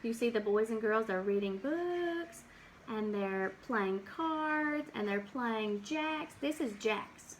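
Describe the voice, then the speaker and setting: Woman teacher, storytime read-aloud, high bright voice, unhurried, mimics animal noises, faint background hiss. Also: expressive. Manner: acts out animal and farm sounds, asks children questions. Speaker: teacher reading to children.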